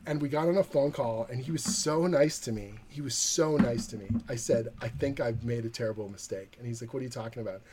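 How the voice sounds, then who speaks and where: Husky-voiced man telling stories. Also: mid-range voice, a little fast. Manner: lively storyteller acting out quoted dialogue. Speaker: comic book writer. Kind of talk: animated anecdote in a podcast interview.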